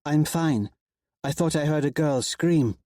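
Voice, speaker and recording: A man voicing a kind young woman who speaks softly with a lilting, concerned tone. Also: on the high side, measured pace, dry recording, clean studio sound, close to an everyday voice.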